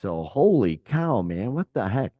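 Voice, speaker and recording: A man's voice: fairly low pitch, very animated, a little slow, no echo, narrow, tinny audio. A man co-hosting a casual rock podcast, rambling through news with lots of uh and you know. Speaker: podcast co-host.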